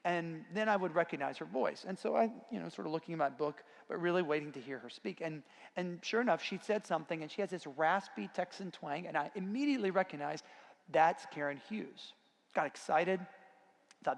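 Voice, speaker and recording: A man giving a conference talk, telling a self-deprecating personal anecdote in a relaxed storytelling manner. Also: fairly high pitch, brisk, vocal fry. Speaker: conference speaker. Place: conference hall. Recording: long reverb of a large hall.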